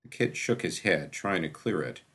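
Gravelly low-voiced male narrator. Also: normal speed. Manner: expressive storytelling. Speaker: audiobook narrator. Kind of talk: scripted fiction narration.

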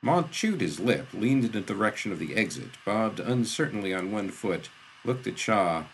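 Deep gravelly male narrator. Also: normal speed, slight background noise. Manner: steady, descriptive storytelling. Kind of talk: audiobook narration.

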